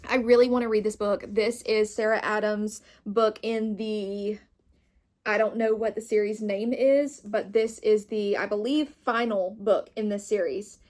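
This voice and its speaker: A woman's voice: mid-range voice, steady tone, a little slow, a little mellow. A young woman chatting casually as a book vlogger, bubbly and gushing, with lots of fillers. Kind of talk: casual chat.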